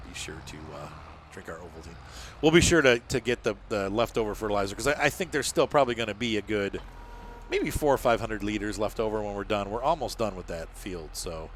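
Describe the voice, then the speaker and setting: Male game host with a lively, up-and-down voice, jokey running commentary over gameplay, faint noise behind. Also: on the low side. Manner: chatty and jokey, narrating his own moves. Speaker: gaming channel host. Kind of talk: casual let's-play commentary.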